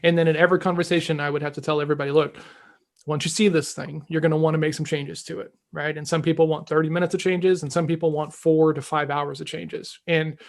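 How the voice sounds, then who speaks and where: A man co-hosting a sales podcast, telling stories and acting out what people said. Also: on the high side. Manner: animated, acts out quoted dialogue. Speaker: podcast co-host. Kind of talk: casual storytelling.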